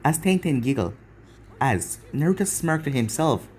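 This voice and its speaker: A man's voice: a little high, moderate pace. A man casually reading a fan-made story aloud and signing off with channel plugs. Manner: animated, sign-off plugging. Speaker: fan-fiction narrator.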